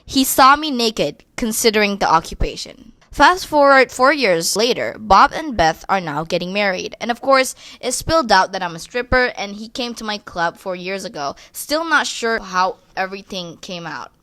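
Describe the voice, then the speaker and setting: A woman's voice: mid-range voice, expressive, normal speed, few pauses, a bit bright, dry recording. A young woman reading online posts aloud and breaking in with blunt, crude, sassy commentary. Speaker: commentary creator.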